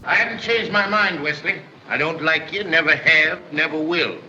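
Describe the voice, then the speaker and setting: A man's voice: fairly high pitch, moderate pace, sharp tone. An actor playing a curt, cold older man in an old 1930s film, heard through dull, faintly hissy sound. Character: stern, cold older man rejecting a suitor.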